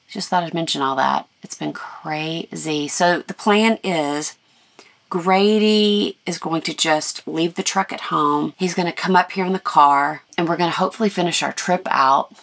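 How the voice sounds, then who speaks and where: A middle-aged woman artist rambles and thinks aloud in a casual vlog, her low voice scratchy, tired and full of vocal fry at a measured pace. Part of it was recorded outdoors at a lakeside campground, and the sound is dry.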